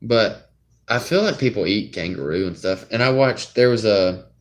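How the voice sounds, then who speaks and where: A man's voice: fairly low pitch, lively intonation, moderate pace. A young man hosting a casual chat, rambling and hesitant, often trailing off mid-thought. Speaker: streamer host.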